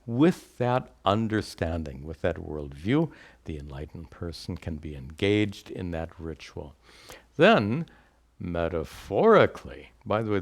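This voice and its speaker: A man teaching a scripture class, speaking deliberately, repeating key words and reciting Sanskrit phrases before explaining them. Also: sits low.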